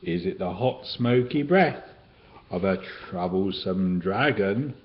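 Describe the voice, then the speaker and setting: A man voicing a fretful female animal in a storybook reading, asking anxious questions in a hushed way, on a dull, lightly hissing recording. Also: deep voice, lively intonation, takes it slowly. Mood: fearful. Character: fretful female animal, Miss Moo Hoo.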